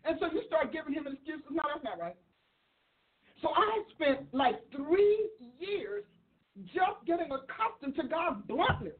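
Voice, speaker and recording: A woman preaching a sermon in an excitable, animated way, laughing often and acting out the voices she quotes. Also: high voice, a little slow, phone-quality sound. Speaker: preacher and author. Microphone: livestream.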